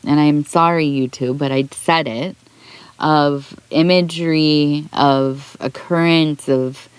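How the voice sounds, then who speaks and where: With a low, steady voice at a slow pace, clean in tone and dry in recording, a woman who reads tea leaves makes a heartfelt aside in a reading video. She talks earnestly and meanders, frequently starting over.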